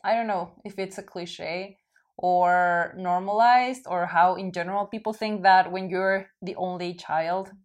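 A woman with a somewhat low voice leading a casual podcast conversation. She muses hesitantly, restarting sentences and leaning on fillers as she works out her thoughts. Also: fairly even intonation, a little slow. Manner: hesitant, thinks aloud with many fillers.

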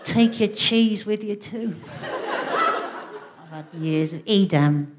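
A middle-aged woman, telling stand-up comedy on stage in a wry, animated storytelling manner with mock outrage. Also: mid-range voice, takes it slowly, crowd noise, noisy background. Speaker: comedian and co-host. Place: theatre stage before a live audience.

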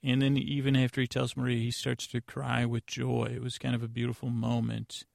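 A man hosting a podcast, giving a rambling, deadpan comedic recap of an episode with lots of fillers and restarts. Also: medium pitch, brisk, gravelly, no echo, clean studio sound. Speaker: podcast host.

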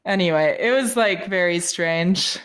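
A woman's voice: on the low side, clean tone. A woman co-hosting a podcast, chatting casually and telling stories with frequent giggles. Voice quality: quick, giggly storytelling. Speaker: podcast co-host. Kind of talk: casual chat.

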